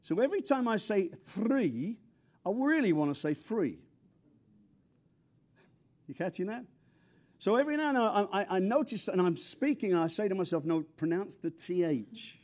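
Preaching briskly, this older pastor from near London, England, has an English accent and a high, energetic voice. His humorous sermon swings between loud emphasis and hushed asides.

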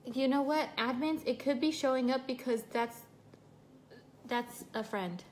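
A woman's voice: high voice, a little slow, slight background noise. Chatty woman livestreaming while doing makeup. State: emotional, recovering from a broken foot. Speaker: livestream host. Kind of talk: casual livestream chat.

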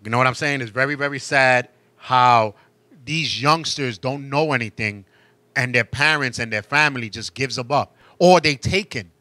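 Male talk show host, impassioned monologue, forceful bright tone, dry close sound. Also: normal speed, no room sound. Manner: emphatic, rising to high-pitched outbursts.

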